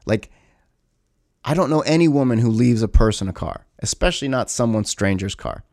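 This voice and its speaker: A man's voice: medium pitch, animated, normal speed, darkish tone, no room sound, studio quality. A man casually telling a story to his camera in a rambling, self-correcting, sometimes profane way. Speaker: vlogger.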